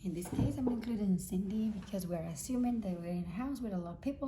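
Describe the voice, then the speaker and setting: A woman's voice: medium pitch, fast, hardly any pauses, background noise. A woman teaching English grammar, explaining patiently, repeating key points and checking in with her students. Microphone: self-filmed camera.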